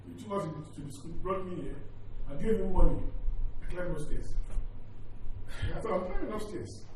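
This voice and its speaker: A male pastor with a high voice preaches from a distance, and the sound comes back off a very echoey hall. He tells a story in sermon style, acting out each speaker's lines and repeating words as he goes. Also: lively intonation, moderate pace, slight background noise. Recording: echoey hall, mic far off, faint ambience.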